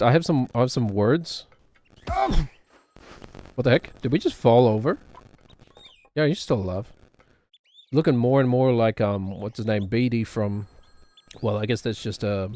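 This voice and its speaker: A man's voice: on the low side, darkish tone. A man chatting casually on a game stream, rambling and poking fun at himself. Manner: rambling, self-mocking, laughs often. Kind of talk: casual live-stream chat.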